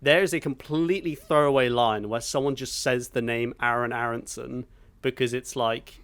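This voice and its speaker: Excitable sweary man on a podcast. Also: medium pitch, normal speed, smooth. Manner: enthusiastic, sweary, acts out film moments with sound effects. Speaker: podcast co-host. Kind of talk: casual podcast chat.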